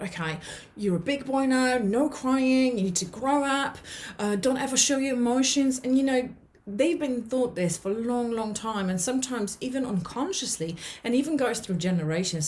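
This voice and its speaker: A woman's voice: medium pitch, a little mellow. A woman talking straight to camera, earnest and encouraging, often restarting and checking in with "okay?". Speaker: vlogger giving life advice. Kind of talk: casual talk to camera.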